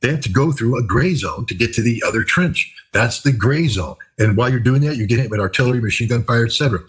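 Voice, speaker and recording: An older man, a commentator, speaks fast in a husky mid-range voice during a casual interview, telling vivid stories in an emphatic, repetitive way. The audio is poor.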